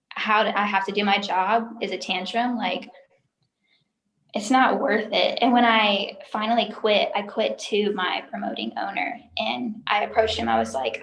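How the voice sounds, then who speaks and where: A young woman speaks candidly as an interview guest, emotional and chatty, leaning on frequent filler words. Her voice sits at a middle pitch and carries a noticeable room echo. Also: gravelly, a bit bright. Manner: emotional, talkative, lots of "like" fillers. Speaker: interview guest, former sales recruiter. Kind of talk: candid personal story in an interview.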